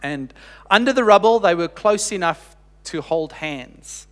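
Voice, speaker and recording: A man preaching a sermon, telling a story earnestly with slow, emphatic pauses and dropping quiet for quoted lines. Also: high-pitched, lively intonation. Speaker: pastor. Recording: long reverb of a large hall.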